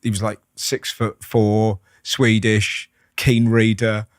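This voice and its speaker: A man, a comedian guest chatting on a podcast, telling animated stories, acting out voices and swearing freely. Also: lowish voice, takes it slowly, no echo, clean studio sound. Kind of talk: casual podcast conversation.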